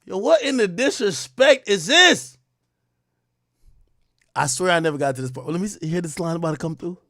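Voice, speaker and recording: A man's voice: high voice, expressive, moderate pace, pushed and bright, no echo. A man hosting a livestream and reacting to a track in slangy, profane casual commentary, repeating himself as he gets worked up. He talks into a desk mic. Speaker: livestream host.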